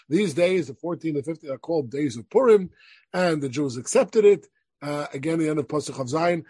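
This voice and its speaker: A man's voice: on the high side, lively intonation, brisk, a little mellow, husky, dry recording. A man giving a rabbinic class, reading Hebrew verses aloud and explaining them to his listeners. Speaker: rabbi teaching a weekly class. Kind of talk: lecturing on Jewish law from source sheets.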